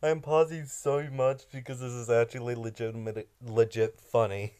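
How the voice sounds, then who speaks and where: A man commenting casually on a cartoon in a reaction video, pausing often and laughing along. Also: medium pitch, level tone, dark tone, smooth.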